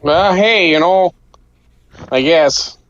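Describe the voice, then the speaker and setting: A woman voicing a laid-back, dopey man with a loud, drawling delivery. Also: fairly low pitch, takes it slowly, muffled recording, slight background noise, voice pushed down. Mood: goofy.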